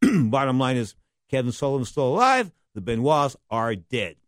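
A middle-aged man hosting a casual monologue, rambling and animated, often pausing to correct the names he gets wrong. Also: medium pitch, dry recording, studio quality. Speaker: wrestling history podcast host.

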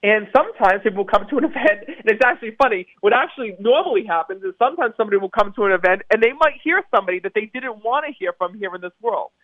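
A man's voice: sits high, animated, fast, hardly any pauses, dry recording. A man, a medium, telling stories eagerly in a phone-in interview and repeating words for emphasis. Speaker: psychic medium guest. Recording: tinny phone line.

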